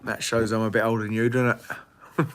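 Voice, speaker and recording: A man's voice: on the low side, little pitch movement, fairly quick, fairly bright tone, slight background noise. A man hosting a casual live Q&A, blunt and swearing freely, laughing often. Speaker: livestream host.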